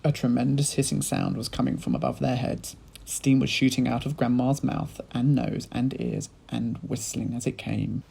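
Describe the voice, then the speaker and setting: A male teacher reading a children's book aloud in lively storytelling style, speaking to his pupils. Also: medium pitch, moderate pace, creaky, husky, poor audio. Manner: animated storytelling, addressing children.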